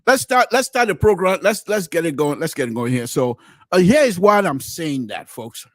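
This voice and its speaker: A middle-aged man tells his story into a close mic, his pitch leaping and dropping as he goes. He stumbles into restarts and repeats, then bursts out loud before sinking back to a murmur. The sound is dry and near. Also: normal speed, no echo, soft background music. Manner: animated, swings between loud exclamations and low murmurs; frequent restarts and repeated words. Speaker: podcast host. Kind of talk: storytelling commentary.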